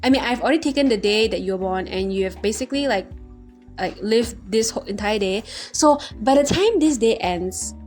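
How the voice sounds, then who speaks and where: A woman's voice: on the high side, animated, a little fast, a little mellow, soft background music, natural voice. A woman voicing a smug male trickster who explains a contract in an offhand, matter-of-fact way.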